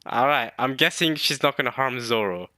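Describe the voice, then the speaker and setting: A man casually reading a manga chapter aloud and reacting to it, excited and thinking out loud. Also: medium pitch, no room sound, clean studio sound. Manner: excited, thinks aloud, reads lines in quick put-on voices.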